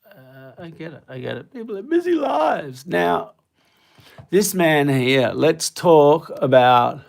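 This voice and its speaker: A man's voice: on the high side, very animated, takes it slowly, creaky. A man hosting a casual live stream, rambling and playful, often breaking off mid-sentence. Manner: rambling, self-interrupting, playful. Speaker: livestream host.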